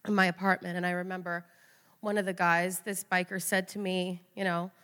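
A woman's voice: fairly low pitch, little pitch movement, fairly quick, a bit bright, smooth. A woman giving an emotional personal testimony in an earnest, confessional way. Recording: long hall reverb.

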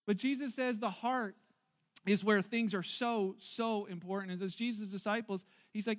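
A man's voice: sits high, fairly even intonation, fairly quick. A male pastor delivering a sermon at a church service, telling the story in a chatty, joking way.

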